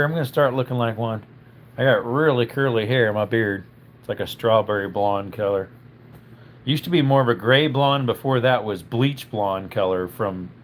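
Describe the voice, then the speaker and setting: A man with a medium-pitched voice hosts a casual live stream, chatting through viewer comments while a little under the weather with a tickle in his throat. A little hiss or hum sits in the audio.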